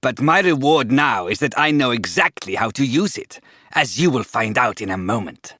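A man's voice: mid-range voice, very animated, pushed and bright, no room sound. Storybook villain: a taunting male serpent, read by a man, dry close sound. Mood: gloating. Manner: slow taunting hiss. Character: menacing giant male serpent, gloating and cruel.

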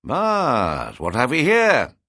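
A man voicing a calm, polite male painter of about forty who asks curious questions. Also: medium pitch, slow, creaky, no room sound, clean studio sound, pitched above the performer's own voice, heavily acted.

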